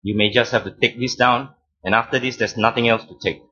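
A man preaching a sermon as pastor, teaching deliberately, stressing key words and repeating phrases. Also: medium pitch, fairly even intonation, pushed and bright, muffled recording.

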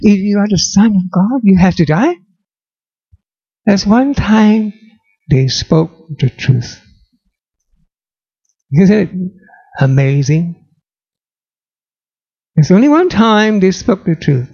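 Gravelly, animated man preaching. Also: high voice, slow pace, long pauses, dull audio. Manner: dramatic, rhetorical questions. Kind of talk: sermon.

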